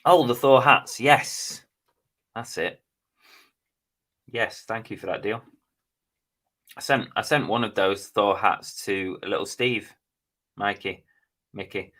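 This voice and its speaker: A man's voice: fairly low pitch, slow, pauses often, sharp tone. A middle-aged man, hosting a casual live stream and chatting as he reads out viewers' names and comments. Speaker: live stream host reading chat.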